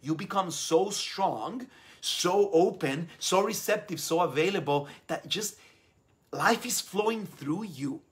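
Male live-stream host, young adult, slightly high voice, gushing and upbeat with lots of repeated words. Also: lively intonation, slow pace. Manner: enthusiastic, effusive, repeats words. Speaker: live stream host reading viewer comments. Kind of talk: casual live stream talk.

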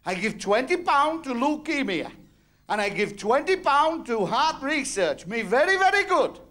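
Bloke putting on an eager high squeaky guy begging at heaven's gate, boasting how good he was. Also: very animated, measured pace, sharp tone, exaggerated voice. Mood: pleading. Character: eager pleading man at heaven's gates.

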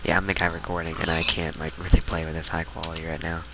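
A man's voice: a bass voice, monotone, quick pace, vocal fry. A man casually chatting while recording a let's play, goofy and playful. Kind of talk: casual gaming chat. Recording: hissy home game capture.

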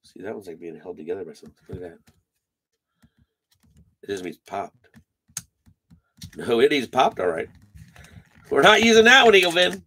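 A man's voice: medium pitch, animated, normal speed, pauses often, pushed and bright, slight background noise. A man hosting a live card break stream, chatting casually, reading off names and teasing his viewers.

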